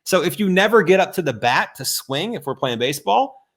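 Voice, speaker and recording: A man's voice: high voice, very animated, a little fast, fairly bright tone. A man, a guest on a live stream, giving a fired-up motivational talk that bluntly calls out excuses over a video call.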